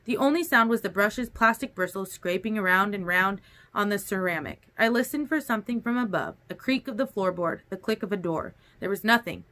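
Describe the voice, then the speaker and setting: Woman, audiobook reader, first-person narration, expressive, bright voice. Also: medium pitch, a little fast.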